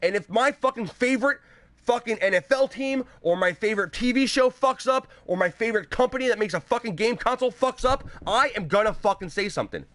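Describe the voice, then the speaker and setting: A man hosting a live gaming show on a headset mic, ranting angrily with constant swearing and bursts of shouting. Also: very high voice, a little fast, no echo. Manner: angry, profane, shouting at times.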